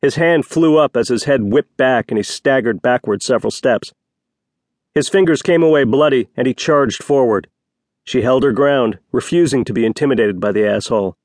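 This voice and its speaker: A man narrating a romance novel as an audiobook reader, voicing each character with slight shifts of pitch. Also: normal speed, a little mellow, dry recording, studio quality. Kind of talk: scripted narration.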